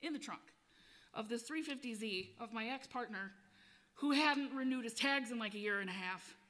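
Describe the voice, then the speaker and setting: A woman singer-songwriter telling a loose, profane road story between songs, with frequent laughs and quick asides. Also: on the high side, pushed and bright.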